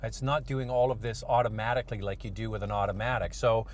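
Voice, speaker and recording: A man's voice: lowish voice, steady tone, quick pace, slight background noise. A man talking casually and enthusiastically as he reviews a car, with fillers and restarts.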